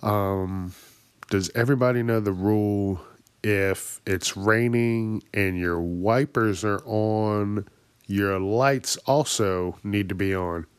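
A man's voice: lowish voice, slow, smooth, dry recording. Profane ranting man, dry close sound. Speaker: podcast host. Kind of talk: ranting comedic monologue.

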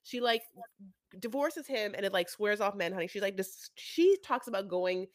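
A woman's voice: medium pitch, animated, moderate pace, no echo, clean studio sound. A woman co-hosting a podcast, recapping a reality show in a chatty way, full of "like" and dramatic emphasis. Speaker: podcast co-host.

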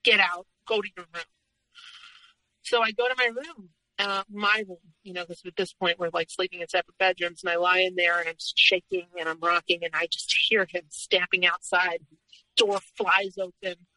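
A woman, a podcast guest, recounting a personal story in an earnest, halting way, pausing often on "um". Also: on the low side, steady tone, pushed and bright, no echo, poor audio.

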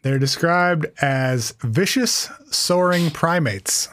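A man's voice: on the high side, slow pace, a bit bright, dry recording, studio quality. A man hosting a podcast in casual comedic chat, teasing his co-host with a wry, profane humor. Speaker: podcast host presenting cryptids.

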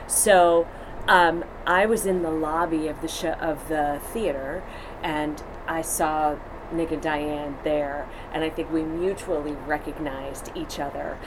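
A woman stage actor telling a lively anecdote in an interview, acting out the quotes as she goes. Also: low-pitched, unhurried. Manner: lively storyteller, acts out quotes. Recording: noisy background hum.

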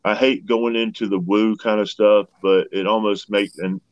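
A man's voice: on the low side, fairly even intonation, moderate pace, no echo, lo-fi sound. A plain-spoken man, telling his story as a guest. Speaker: guest researcher. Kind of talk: casual storytelling.

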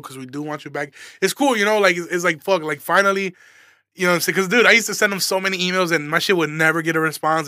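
A young male comedian from Illinois rattles off a story at a rapid clip, swearing freely and staying fired up throughout. His voice sits a little high and has a bright, forceful edge. It is recorded close and dry, with no room sound. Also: dry recording. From Aurora, Illinois, USA. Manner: profane, animated, fired-up. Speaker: stand-up comedian, podcast host. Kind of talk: casual storytelling rant.

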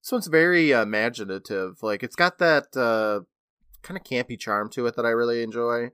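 A man's voice: mid-range voice, normal speed, bright, forceful tone, clean tone, dry recording, clean studio sound. A man in his thirties co-hosting a podcast, eagerly retelling an episode in casual chat and laughing often. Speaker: podcast co-host.

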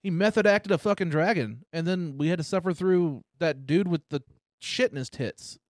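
A man's voice: fairly high pitch, moderate pace, no room sound, clean studio sound. An American man hosting a podcast, joking crudely and animatedly with his co-host. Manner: profane, animated, jokey. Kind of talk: crude casual podcast banter.

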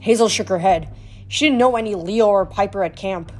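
A woman reads a fantasy novel aloud in a steady, lightly dramatic narrating voice. Her pitch sits in a plain middle range. Faint music plays quietly behind her. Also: brisk. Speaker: audiobook reader. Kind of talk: storybook reading.

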